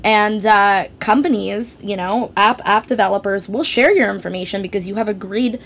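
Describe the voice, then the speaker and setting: A woman's voice: medium pitch, normal speed, slight background noise. A young woman from Canada, a podcast guest chatting casually and joking, laughing often.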